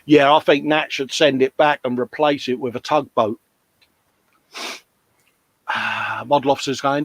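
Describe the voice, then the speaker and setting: A man's voice: mid-range voice, fairly even intonation, measured pace, long pauses, no room sound. Matey man chatting on a live stream. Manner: chatty, matey, jokey banter. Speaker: host of a live modelling stream. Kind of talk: casual chat reading out live comments. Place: hobby workshop at a bench.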